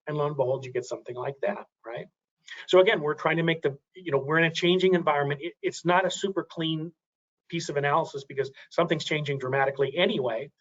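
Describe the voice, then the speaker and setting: A man's voice: fairly high pitch, muffled recording. A man giving a webinar presentation, talking through graphs, thinking aloud with many restarts and fillers.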